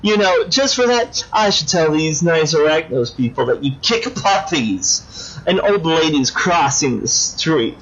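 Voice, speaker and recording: A man's voice: a little high, animated, measured pace, fairly bright tone, dull audio, pitched above the performer's own voice, exaggerated voice. A man doing a squealing childish villainess. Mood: petulant whiny. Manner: petulant, squealing, sulky. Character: whiny childish female villain.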